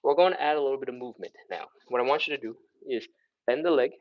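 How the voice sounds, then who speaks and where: A man's voice: medium pitch, fast talker, muffled recording. A man leading a live stretching workout, giving upbeat cues, counting down and breathing audibly as he stretches along. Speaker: stretching instructor.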